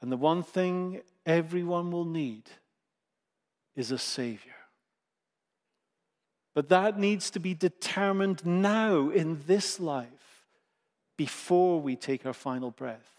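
A man preaching a sermon, slow and emphatic, with dramatic pauses. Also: on the high side, darkish tone, big-room sound.

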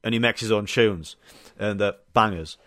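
Speaking with a Yorkshire accent, this podcast host chats casually and tells meandering stories, using plenty of fillers and now and then a swear word. His pitch is fairly low and his pace moderate, with a slightly bright tone and clean studio sound free of echo.

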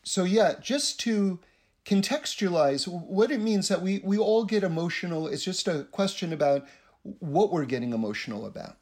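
A man's voice: high-pitched, animated, moderate pace, a little mellow. A man giving a casual spiritual teaching, rambling and often repeating his words.

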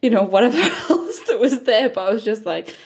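Warm-toned woman, amused caller. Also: fairly high pitch, expressive, a little fast, husky. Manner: friendly, amused storytelling. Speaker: first-time caller. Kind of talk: recorded voice message.

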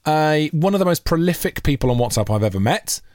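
A man's voice: on the high side, very animated, a little fast, darkish tone, no room sound, clean studio sound. A man hosting a podcast, joking and rambling as he introduces a guest. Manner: jokey, rambling, laughs often. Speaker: podcast host. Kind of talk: casual podcast chat.

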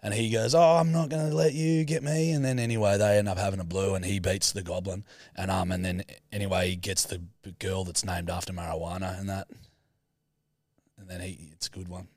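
A man co-hosting a casual podcast, rambling loosely and swearing freely as he talks. His voice sits on the lower side. The sound is dry and close. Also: flat delivery, a little fast, no room sound. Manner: crude, rambling, heavy slang and swearing. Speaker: podcast co-host. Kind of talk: casual chat, describing a film for a guessing game.

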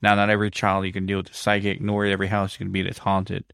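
A man co-hosting a paranormal chat show, summing up in a relaxed way. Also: sits low, quick pace, creaky, clean tone, no room sound, clean studio sound. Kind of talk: casual chat wrapping up.

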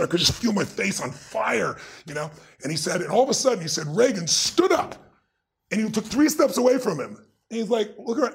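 A middle-aged man with a gravelly, husky voice telling a story as a guest, intense and emphatic. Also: fairly high pitch. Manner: intense, emphatic, acts out the people in his stories. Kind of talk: animated storytelling in a conversation.

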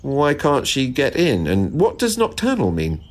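A man voicing Jack, a cheerful curious gardener in a children's storybook, bright and eager. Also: mid-range voice, huge pitch swings, a little slow, voice pushed up.

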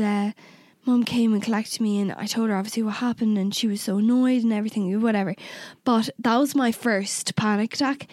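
On a relaxed podcast, a young female co-host with a fairly high voice tells a personal story, speaking candidly and swearing freely. She plays both parts of the remembered conversations. The recording is close and dry.

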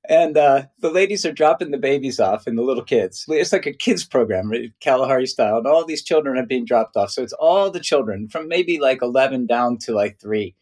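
A man telling stories as an interview guest, loose and conversational, acting out other people's voices with big jumps in pitch. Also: animated, fairly quick, few pauses, a little mellow. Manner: loose, conversational, many "you know" and "right". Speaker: interview guest, nature mentor.

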